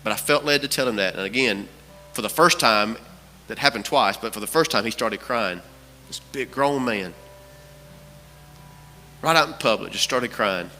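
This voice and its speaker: A man's voice: medium pitch, animated, moderate pace, long pauses, bright, forceful tone, big-room sound, faint music behind. A man preaching a sermon as pastor, telling a story with repeated phrases for emphasis. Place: church sanctuary.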